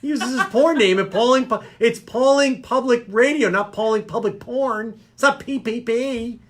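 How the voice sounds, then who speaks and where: A man's voice: very high voice, normal speed. A man hosting a local radio talk show, joking and rambling. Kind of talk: casual chat show banter.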